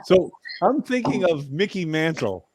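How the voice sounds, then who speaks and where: A man hosting a casual chat, telling stories with slow, drawn-out emphasis. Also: a little high, big pitch swings, background noise.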